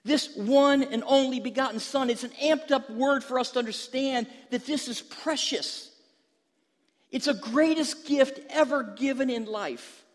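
High-voiced pastor in a reverberant hall. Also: male voice, unhurried. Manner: storytelling with humor, rising to emphatic preaching. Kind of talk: sermon.

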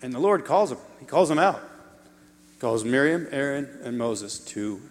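A man preaching a sermon in an animated way, shifting his volume and adding playful asides to the congregation. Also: mid-range voice, a little slow, big-room sound.

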